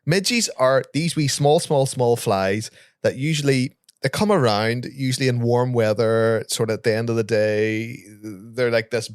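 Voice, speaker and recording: A man's voice: medium pitch, unhurried, smooth, dry recording, clean studio sound. A man with a Northern Irish accent co-hosting a podcast, telling stories in casual chat and laughing often. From Ireland. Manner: chatty storyteller, laughs often, says "wee". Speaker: podcast co-host.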